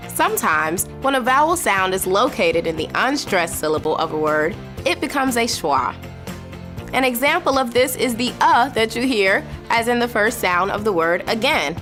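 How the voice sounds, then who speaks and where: A woman reads a scripted teaching narration, pronouncing each speech sound with slow, careful precision. Her pitch moves in a lively, animated way. Clear music plays behind her voice. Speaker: reading instructor.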